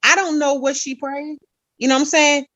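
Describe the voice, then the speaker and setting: A woman's voice: high-pitched, fairly even intonation, moderate pace, pushed and bright, no echo. A middle-aged woman giving an earnest personal testimony as an interview guest, retelling conversations with frequent asides.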